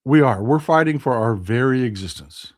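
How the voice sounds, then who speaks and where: This Texan man, speaking at a normal speed in a mid-range voice with lively intonation, hosts a political live stream and reads out viewer comments. He's impassioned and casual, lurching between loud outrage and hushed, quiet answers.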